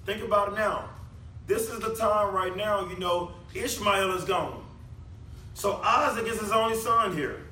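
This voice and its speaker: High, bright preacher man. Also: normal speed, a little hiss or hum. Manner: conversational preaching full of rhetorical questions. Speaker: pastor. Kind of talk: sermon. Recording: echoey room, mic at a distance.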